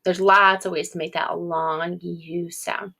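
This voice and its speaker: A woman teacher giving a recorded video lesson for young children, casual and encouraging, sounding out words slowly with ums. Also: on the low side, little pitch movement, bright, forceful tone, a little hiss or hum.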